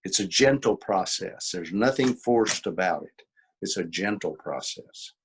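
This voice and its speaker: A man's voice: deep voice, lively intonation, a little slow, a little hiss or hum. A man presenting a workshop as an author, talking informally, repeating key points with emphasis and acting out quoted exchanges. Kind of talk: informal teaching talk.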